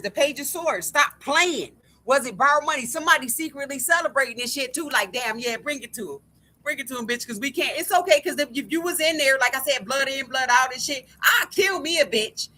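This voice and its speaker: High, sharp-voiced woman ranting angrily. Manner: angry, profane, keeps repeating "like I said". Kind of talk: ranting monologue to camera.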